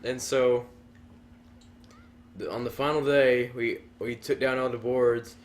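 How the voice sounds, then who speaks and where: A man's voice: mid-range voice, fairly even intonation, takes it slowly. Male gamer, casual, rambling silly storyteller. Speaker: let's play commentator. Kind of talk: casual gaming chat.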